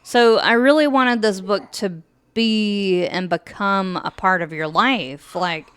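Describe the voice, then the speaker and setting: A woman's voice: mid-range voice, clear, resonant tone. A woman hosting her podcast, talking casually about her book with fillers and nervous laughs, and getting emotional while fighting back tears. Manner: slow, soft-spoken, with fillers and nervous laughs. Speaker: podcast host and author. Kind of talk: casual chat with a read-aloud book introduction. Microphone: podcast mic.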